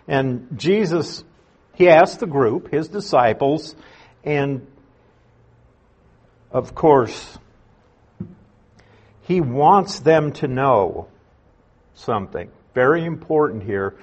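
Slow, husky-voiced male Bible teacher. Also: a little high, very animated. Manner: unhurried, conversational, explains and restates points. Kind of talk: verse-by-verse Bible study teaching.

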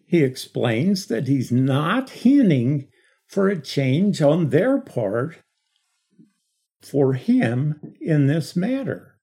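Slow, lively-pitched male Bible teacher. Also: husky. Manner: explanatory, emphatic, repeats key words. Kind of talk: Bible study lecture.

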